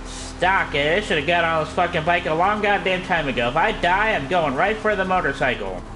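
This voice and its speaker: A man from Iowa swearing heavily and yelling at the game as he plays and comments. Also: high voice, lively intonation, fairly quick, noisy background. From Iowa, United States. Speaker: gamer streaming gameplay. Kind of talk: frustrated gameplay commentary.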